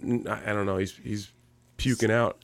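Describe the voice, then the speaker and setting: A man's voice: fairly low pitch, steady tone, normal speed, no room sound. Profane, rambling podcast host man. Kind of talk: casual podcast banter.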